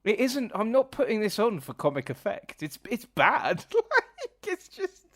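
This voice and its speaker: A man co-hosting a casual podcast in a self-deprecating way. His voice is bright and a little sharp, and it swoops all over the place. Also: sits high, wildly swooping pitch, measured pace. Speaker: podcast co-host.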